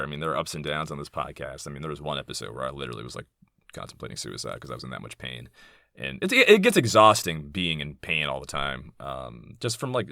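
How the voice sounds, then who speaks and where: A man's voice: sits low, bright, forceful tone, no echo, clean studio sound. A man in his thirties hosting a solo podcast, talking candidly and rambling, profane and heated when indignant. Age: 30s. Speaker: podcast host.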